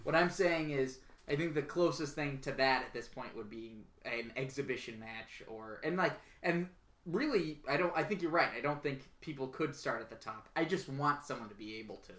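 A woman's voice: very deep voice, expressive, a bit bright, reverberant. A woman co-hosting a podcast in a casual, rambling, chatty way. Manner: chatty, rambling, quick to laugh. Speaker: podcast co-host. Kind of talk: casual chat.

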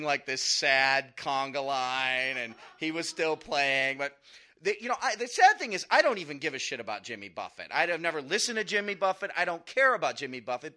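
A man's voice: on the high side, pushed and bright. A man doing stand-up comedy, telling a long story in a loose, conversational way with a bit of swearing. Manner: conversational, profane, chuckles through his own story.

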